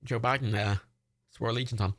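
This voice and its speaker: A man hosts a livestream, giving casual, rambling watch-party commentary, swearing freely and laughing often. His medium-pitched voice is steady in tone, a little fast and a bit bright.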